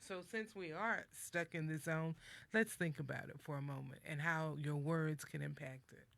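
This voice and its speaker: A woman hosting a motivational talk show, speaking deliberately, leading breathing exercises and acting out words in different tones for emphasis. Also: deep voice, fairly even intonation, creaky, a bit bright. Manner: slow, deliberate, guides listeners through breathing. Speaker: host.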